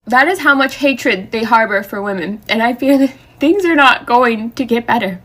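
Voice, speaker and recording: A woman's voice: on the high side, normal speed, noisy background. A woman in a social media video, speaking earnestly and with passion about the election. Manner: earnest, impassioned.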